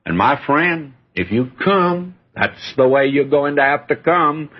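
A man's voice: on the high side, a little slow, slightly rough. An older man preaching a sermon in a folksy, earnest way, often calling his listeners friend. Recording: dull lo-fi sermon recording.

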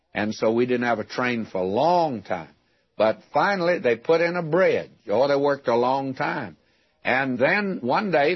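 A man's voice: medium pitch, husky, no room sound, dull audio. An older man from West Texas preaching a radio sermon, teaching from the Bible in a folksy storytelling way with rhetorical questions.

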